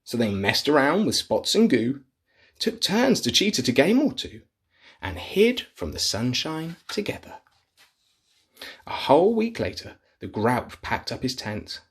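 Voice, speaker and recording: A man reading a picture book aloud to children in a playful, animated way, sometimes dropping to a whisper. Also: medium pitch, unhurried, slightly rough. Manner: animated, playful, drops to whispers for gross bits. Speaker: children's storyteller. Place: office.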